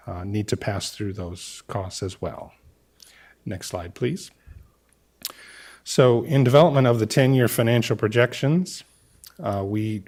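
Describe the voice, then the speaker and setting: Low-voiced man presenting to a council. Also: a little mellow. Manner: measured, many "uh" fillers. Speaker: city staff presenter. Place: council chamber.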